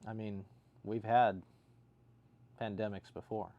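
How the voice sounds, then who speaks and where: A man's voice: mid-range voice, moderate pace, long pauses, darkish tone, dull audio. Dry, sarcastic man hosting a livestream. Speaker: livestream host reading viewer comments. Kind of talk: casual chat.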